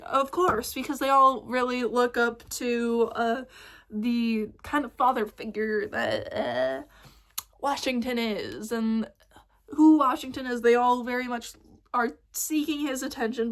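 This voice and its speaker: A young woman ranting excitedly in a casual fan vlog, rambling with lots of fillers and swearing. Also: on the high side. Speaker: vlogger.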